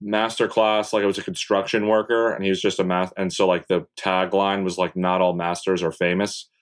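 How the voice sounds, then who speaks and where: A young man with a low voice talks as a podcast guest. He is laid-back and rambling, leans on fillers and drops casual swears along the way. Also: level tone, fairly quick. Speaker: podcast guest, content creator. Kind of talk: casual interview chat.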